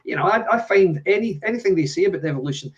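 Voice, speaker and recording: A man's voice: sits high, expressive, fast, highs cut off. A man co-hosting a live political talk show, who explains things and agrees readily. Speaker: co-host.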